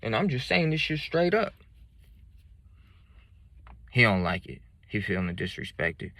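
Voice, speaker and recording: A man's voice: mid-range voice, big pitch swings, measured pace, vocal fry, pauses often, sharp tone, no room sound. A man telling a story from his life in blunt, profane street slang. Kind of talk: casual spoken storytelling.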